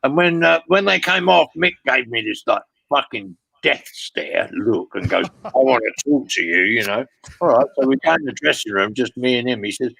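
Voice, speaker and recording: A man's voice: mid-range voice, expressive, moderate pace, vocal fry, fairly bright tone, slightly rough, no room sound, rough recording. An older man telling long rambling road stories in a casual interview, swearing freely and padding with "you know what I mean". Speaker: guest storyteller.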